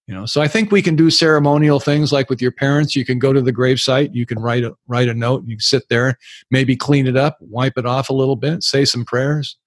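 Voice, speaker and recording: Older male recovery speaker, live Q and A, plain-spoken and frank, mid-pitched, dry sound. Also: steady tone, a little fast, no echo. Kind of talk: live Q and A talk. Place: live event.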